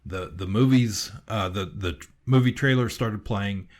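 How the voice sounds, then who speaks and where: A man's voice: fairly low pitch, unhurried. A man co-hosting a podcast, telling a long, rambling story in casual chat, full of fillers and restarts. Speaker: podcast co-host.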